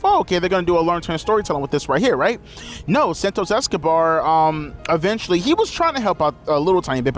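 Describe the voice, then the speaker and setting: A man giving a casual, profane, rambling recap of a wrestling show. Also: a little high.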